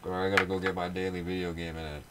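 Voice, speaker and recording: A man's voice: low-pitched, completely flat delivery, rapid-fire, smooth. A man in a casual radio chat making laid-back, mumbled asides from away from the microphone.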